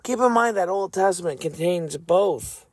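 Male podcast host, earnest faith commentary, slightly raised pitch, dry close sound. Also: expressive, no room sound. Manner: earnest, measured, reflective. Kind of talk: faith commentary and scripture reading.

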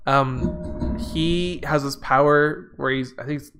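A man's voice: on the high side, fairly even intonation, moderate pace, fairly bright tone, faint music behind. A man in casual chat, recapping a movie with sarcastic, profane jokes and frequent laughs. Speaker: podcast co-host.

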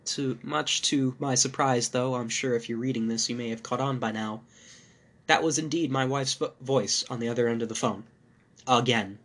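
A male podcast host narrating a first-person horror story in a measured, dark manner. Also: medium pitch.

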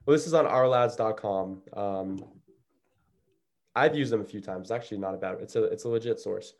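A man's voice: fairly low pitch, moderate pace. A man co-hosting a casual sports podcast, talking in a loose, rambling way. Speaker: podcast co-host.

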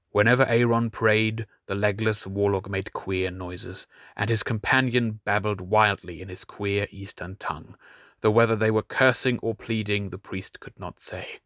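A man reading a fantasy audiobook in scripted narration, measured and grave, dropping softer on grim details. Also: fairly low pitch, fairly even intonation, no room sound, studio quality.

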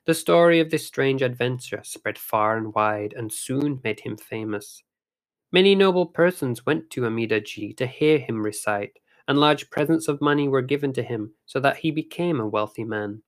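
Male storyteller; measured, dramatic reading of a ghost story. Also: mid-range voice, lively intonation. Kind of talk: storytelling narration.

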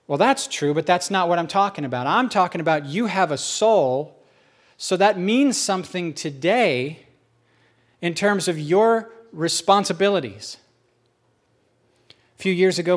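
A man's voice: on the high side, animated, moderate pace. A male pastor preaching a conversational sermon with self-deprecating humor.

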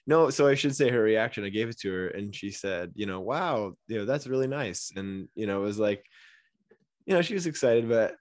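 A man co-hosting a podcast, telling stories in a casual, animated way and acting out the people in them. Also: fairly low pitch, a little fast, no echo, studio quality. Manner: animated storyteller who acts out voices. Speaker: podcast co-host.

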